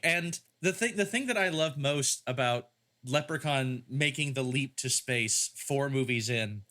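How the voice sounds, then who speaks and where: Brief: bright, forceful man, rambling comic podcast banter. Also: fairly high pitch. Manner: rambling, joking riffs. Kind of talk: casual podcast chat.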